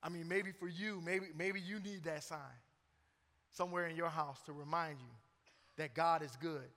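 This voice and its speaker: Middle-aged male pastor, bright forceful tone, joking sermon delivery, long church reverb. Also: fairly high pitch, fairly even intonation, normal speed. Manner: joking, conversational, emphatic preaching.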